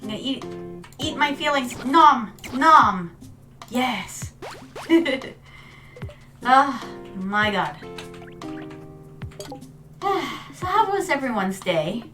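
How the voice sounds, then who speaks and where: A woman's voice: high-pitched, very animated, drawn-out words, pauses often, fairly bright tone, distant mic, faint music behind. A woman VTuber chatting casually while gaming, telling stories and calling her viewers "my darlings". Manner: storytelling, calls viewers "my darlings". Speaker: VTuber streamer.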